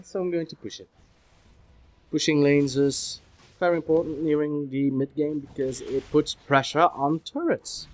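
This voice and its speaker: A man's voice: mid-range voice, darkish tone. A man giving casual, rambling commentary over his own gameplay, with self-deprecating asides. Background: faint background music.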